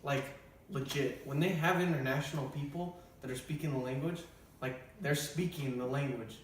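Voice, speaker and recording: A man's voice: medium pitch, moderate pace. Enthusiastic young man in an echoey room. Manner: enthusiastic, animated. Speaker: film reviewer. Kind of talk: casual roundtable chat. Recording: echoey room, distant mic, faint hiss.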